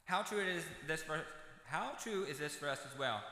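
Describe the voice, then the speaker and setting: A man's voice: a little high, animated, moderate pace, sharp tone. An American man preaching a sermon in a church, reading scripture and adding folksy, conversational asides. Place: church sanctuary. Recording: echoey church hall.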